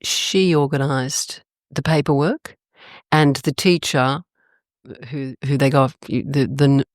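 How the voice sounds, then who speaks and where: An older Australian woman telling stories in a casual interview, animated and expressive, her pitch jumping up suddenly. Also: slow pace, no room sound, studio quality. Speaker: guest.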